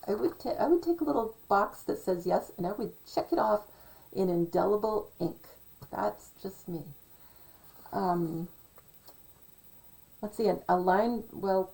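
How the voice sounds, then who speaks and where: Slow, gravelly-voiced rambling woman. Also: mid-range voice, a little mellow, poor audio. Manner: slow, meandering, musing aloud with frequent fillers. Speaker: video commentator. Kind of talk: casual rambling monologue.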